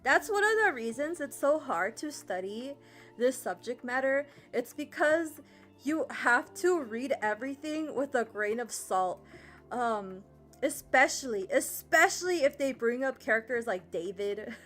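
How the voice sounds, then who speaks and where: A woman's voice: high-pitched, lively intonation, measured pace, a bit bright, soft background music. A woman giving a casual history lesson on a livestream, chatty and rambling, full of fillers and laughs. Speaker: history streamer teaching a lesson.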